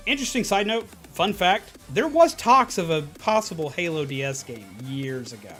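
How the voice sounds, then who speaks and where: High-voiced man telling rambling stories. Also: normal speed, hardly any pauses, faint music behind. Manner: animated, rambling, frequent restarts. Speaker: streamer. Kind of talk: casual storytelling chat.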